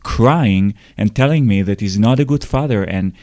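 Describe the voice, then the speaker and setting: A man's voice: on the low side, moderate pace, mellow, no echo, studio quality. A man hosting a podcast, talking earnestly with frequent restarts. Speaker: podcast host. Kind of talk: casual chat.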